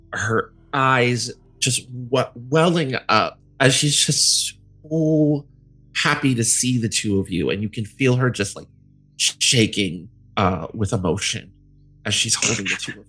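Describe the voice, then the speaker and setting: A man's voice: medium pitch, a bit bright. Rambling man narrating a tabletop game. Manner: casual, rambling, many fillers. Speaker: game master.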